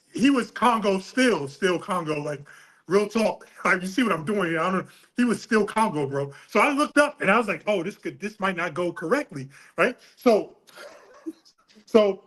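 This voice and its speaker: Speaking in a high voice, unhurried and with long pauses, a middle-aged man from New York City recounts a story. He's a boxing coach in a casual interview, animated, laughing, and profane, and the recording is rough.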